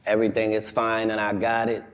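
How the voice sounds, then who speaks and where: A man's voice: lowish voice, monotone, fairly quick. A male comedian talking in an interview, assertive and matter-of-fact, rambling through his points. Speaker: comedian guest. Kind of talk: interview conversation.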